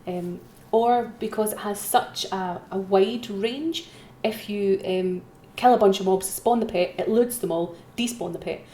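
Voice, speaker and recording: A woman's voice: medium pitch, unhurried, hardly any pauses, dark tone, a little hiss or hum. A woman hosting a live-streamed auction, chatting and self-mocking as she repeats calls for bids at her computer. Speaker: auction host. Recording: roomy echo, faint keyboard typing.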